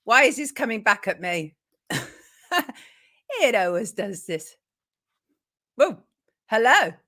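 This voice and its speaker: A woman's voice: medium pitch, animated, slow, bright, forceful tone. A woman hosting a live morning show, chatting and greeting viewers by name. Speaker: host.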